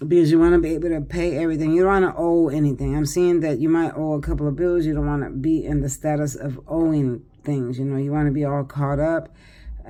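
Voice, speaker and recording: A woman's voice: deep voice, mellow. A tired older woman doing a casual tarot reading, chatty and rambling with many fillers and restarts. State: tired, yawning. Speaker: tarot reader.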